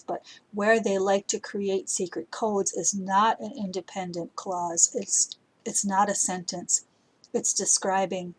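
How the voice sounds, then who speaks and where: Breathy-voiced woman teaching grammar. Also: medium pitch, darkish tone, low-quality recording. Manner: explains step by step, thinking aloud while editing; reads example sentences with acted emotion. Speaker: writing teacher. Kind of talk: recorded grammar lesson for middle schoolers.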